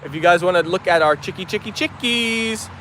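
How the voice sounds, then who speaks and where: High-voiced upbeat man hosting a livestream. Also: level tone, very fast, a bit bright, slight background noise. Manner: upbeat, chatty, greets viewers by name. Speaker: livestream host. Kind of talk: casual livestream chat, reading viewer messages aloud. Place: outdoors in a yard with dogs and chickens.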